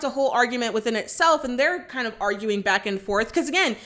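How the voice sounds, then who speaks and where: A woman casually retelling a film's plot for her channel, full of fillers and quick to scold the characters. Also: a little high, lively intonation, a bit bright. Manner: chatty, lots of fillers like "like" and "you know"; gets indignant and scolding at characters. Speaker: movie reaction vlogger. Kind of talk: casual movie recap.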